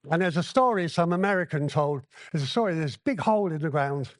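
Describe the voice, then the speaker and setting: Here the same Hong Kong recovery speaker talks in a higher, expressive voice at a quick pace. Giving his personal share in a convention hall, he's blunt and candid and acts out the dialogue, with no room sound in the recording.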